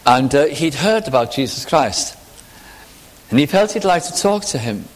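A man's voice: on the high side, expressive, moderate pace. A man preaching a sermon, earnest and reflective, building to emphatic questions. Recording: long hall reverb.

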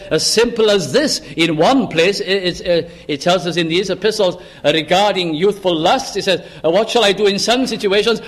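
A man preaching a sermon, earnest and building to impassioned appeals. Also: fairly high pitch.

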